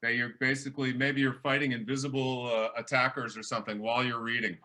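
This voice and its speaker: A male professor chats loosely through an online workshop, restarting his sentences often. His voice is bright and forceful at an ordinary pitch, heard over a video call. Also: little pitch movement, fast. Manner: chatty, many restarts and fillers. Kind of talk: casual workshop talk.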